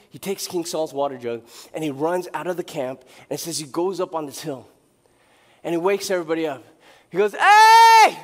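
A male pastor delivering a sermon, retelling a Bible story with lively acted-out dialogue. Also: a little high, long reverb tail. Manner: animated storytelling, acting out characters' lines. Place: church sanctuary.

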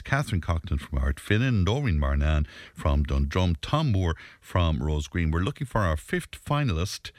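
A man's voice: deep voice, a little mellow, no echo. An Irish man hosting a local radio show, chatting easily and running a listener competition. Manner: easygoing, chatty, laughs readily. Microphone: studio microphone.

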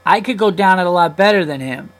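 A man's voice: high-pitched, fast, fairly bright tone, pitched above the performer's own voice. A man voicing a bratty, know-it-all four-year-old boy who talks in a smug, preachy way.

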